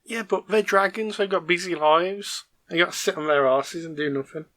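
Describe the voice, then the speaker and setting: A man's voice: high-pitched, moderate pace, fairly bright tone. A man playing in a tabletop game with dry jokes. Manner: dry, joking. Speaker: player. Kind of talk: casual chat at a game table.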